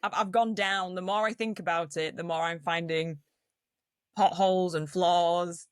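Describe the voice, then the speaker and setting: Girl chatting films on a podcast, animated, laughs a lot, dead dry mic. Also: lowish voice, measured pace, clear, resonant tone, dry recording. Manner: animated storyteller, acts out quotes, laughs a lot. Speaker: podcast co-host. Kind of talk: casual film review chat.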